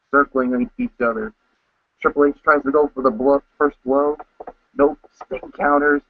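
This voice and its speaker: A man co-hosting a casual podcast recap, telling events with excitement and acting out his own reactions. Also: mid-range voice, dry recording. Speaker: co-host. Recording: dull lo-fi, dry sound.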